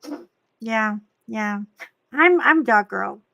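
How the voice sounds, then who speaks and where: A woman guest in casual chat, telling lively stories and acting out other people's lines. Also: fairly high pitch, takes it slowly, vocal fry, no room sound. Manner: animated storyteller, acts out quotes.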